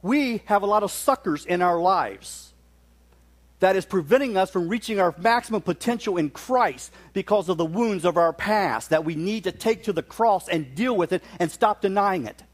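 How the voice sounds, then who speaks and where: A man's voice: high-pitched, animated, moderate pace. A middle-aged man from West Virginia, preaching a sermon in a folksy, storytelling manner with touches of humor.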